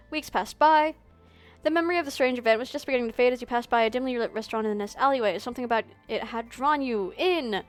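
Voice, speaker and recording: A woman streamer reading a visual novel aloud, speed-reading with giggly asides to chat. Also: a little high.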